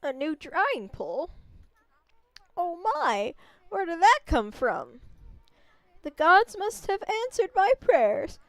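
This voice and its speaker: A woman's voice: very high-pitched, big pitch swings, slow, pauses often, no room sound, voice pushed up, exaggerated voice. A woman voicing a kindly, fussy old village grandmother with a put-on Southern drawl, talking in a folksy, fretful way. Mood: doting fretful. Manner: folksy, fretful, gently doting. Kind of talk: voicing game characters while streaming.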